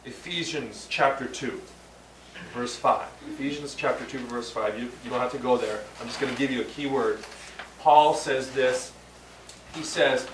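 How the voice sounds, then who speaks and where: A man preaching a sermon, halting and repeating words, then rising to emphatic peaks. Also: mid-range voice. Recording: roomy sound from a distant mic with faint background hum.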